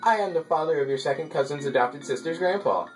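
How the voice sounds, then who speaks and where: A man's voice: on the high side, expressive, quick pace, voice pushed up, natural voice. A man putting on a creepy old cave sage. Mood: solemn. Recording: distant mic with game music behind.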